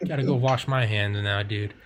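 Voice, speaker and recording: A man's voice: fairly low pitch, steady tone, normal speed, slight background noise. A man rambling in casual chat, swearing freely and leaning on "like" and "you know.".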